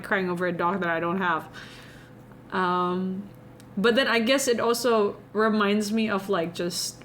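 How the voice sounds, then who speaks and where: A woman's voice: medium pitch, fairly bright tone, slight background noise. Confiding young Indonesian woman streamer. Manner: meandering, confiding, chatty with viewers. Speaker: livestreamer. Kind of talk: casual live-stream chat.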